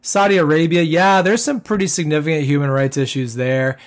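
A man's voice: a little high, fairly even intonation, fairly quick, hardly any pauses. A man hosting a casual solo podcast, rambling with lots of fillers and tag questions, his voice getting worn. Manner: rambling, filler-heavy, keeps tagging "okay?". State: losing his voice. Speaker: podcast host.

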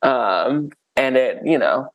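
Man, podcast co-host, casual chat, animated, laughs a lot, medium pitch. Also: takes it slowly. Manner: animated, laughs often, many fillers. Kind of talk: casual chat reviewing an album.

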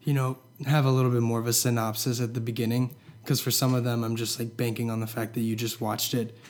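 A man's voice: mid-range voice, level tone, fast. A young man co-hosting a casual podcast, easygoing and hedging with lots of fillers. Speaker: podcast co-host.

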